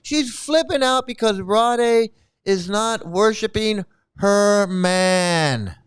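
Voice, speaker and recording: A man's voice: high voice, slow, smooth. A man hosting a reaction commentary over a replayed stream, ranting and mocking in a scornful way. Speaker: commentary host.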